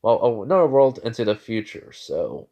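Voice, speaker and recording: A man's voice: medium pitch, big pitch swings, normal speed, mellow, highs cut off. A man voicing a casual, boyish teenage male ninja in an amateur story, offhand and rambling.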